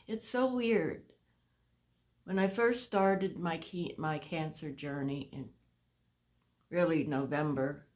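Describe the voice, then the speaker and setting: Slow, low-voiced woman, short of breath. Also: darkish tone. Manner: halting, with pauses and restarts. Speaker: vlogger sharing a health update. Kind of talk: casual talk to camera. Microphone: phone camera.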